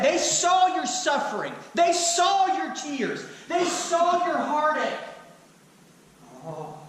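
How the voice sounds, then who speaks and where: A man's voice: very high voice, fairly bright tone. A man preaching a sermon as pastor, firing rhetorical questions with touches of humor. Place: church sanctuary. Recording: echoey hall, mic at a distance.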